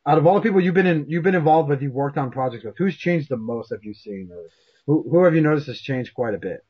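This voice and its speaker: A man hosting a casual interview chat, animated and self-deprecating, swearing freely. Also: on the high side, quick pace, husky, highs cut off. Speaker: show host.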